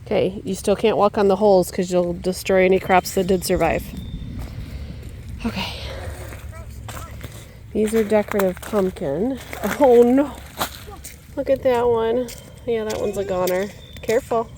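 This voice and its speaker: She has a warm tone and an unhurried delivery with long pauses as she vlogs casually from her yard and garden, handheld camera in hand. This homesteader chats away, coos high and coaxing at her birds, and exclaims in dismay now and then, with slight background noise.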